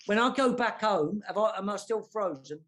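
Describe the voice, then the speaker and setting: A man's voice: high voice, expressive, moderate pace, fairly bright tone. A man in his sixties with a London accent, a guest chatting casually on a panel over a video call, self-deprecating and full of restarts. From South London. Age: 60s.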